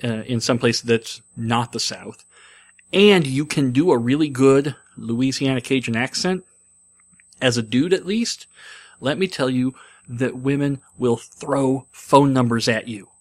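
A man's voice: mid-range voice, a little slow. A young adult man rambling in a casual monologue, wry and self-deprecating, with lots of ums and restarts. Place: in a car.

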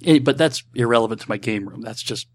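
A man from Texas hosting a podcast, talking in a loose, rambling way with plenty of ums and quick self-deprecating jokes. His voice sits at an ordinary middle pitch for a man. It sounds like a relaxed solo chat into a desk microphone. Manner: chatty, self-deprecating, with frequent ums and asides. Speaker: podcast host answering listener questions. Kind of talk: casual rambling monologue.

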